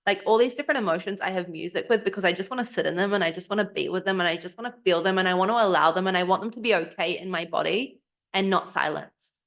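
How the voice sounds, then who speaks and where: A woman's voice: fairly low pitch, quick pace, fairly bright tone. A woman co-hosting a podcast in casual chat, reflective and earnest, sometimes acting out what others say. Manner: reflective, earnest, acts out quoted voices. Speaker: podcast co-host.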